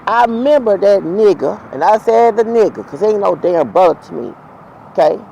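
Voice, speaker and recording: Outdoors near traffic, a vlogger tells a heated, profane, rambling story in a ranting storytime monologue. His voice is high-pitched, gravelly and warm, animated at a moderate pace, and the recording is muffled.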